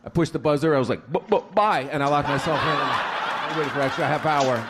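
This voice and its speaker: A man's voice: fairly high pitch, steady tone, fast talker, very noisy. A man doing a stand-up comedy set, telling crude stories and acting out the people in them. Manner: storytelling, crude, acts out stutters. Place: comedy club stage.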